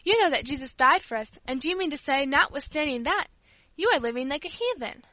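A woman's voice: sits high, expressive, brisk, sharp tone, no room sound, voice pushed up, rough recording. A woman voicing an earnest pious little girl. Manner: sincere, pleading.

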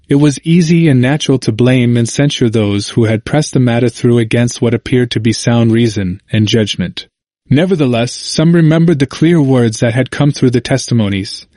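A man reading a historical book aloud in a measured, even narration. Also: medium pitch, no room sound, clean studio sound. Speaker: audiobook reader.

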